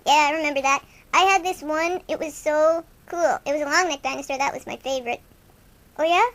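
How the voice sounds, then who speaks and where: A woman's voice: high-pitched, brisk, a bit bright. A woman hosting an improvised comic radio show, playing two goofy young male rock-fan buddies in rambling, self-mocking banter.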